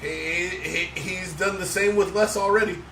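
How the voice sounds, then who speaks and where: A man's voice: high-pitched, fairly even intonation, measured pace, vocal fry, pushed and bright, soft background music. A man co-hosting a casual podcast chat, rambling and often saying "let's be real.". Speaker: podcast co-host. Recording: roomy, distant mic with faint noise.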